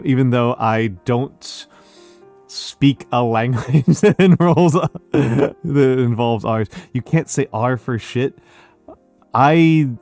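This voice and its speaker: A man in mid pitch chats casually on a live stream, reading out his viewers' messages and greeting them one by one. He repeats short phrases again and again. Faint music plays behind him. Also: a little mellow. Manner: reads out viewer messages and greets each viewer by name. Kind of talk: casual chat with a live audience.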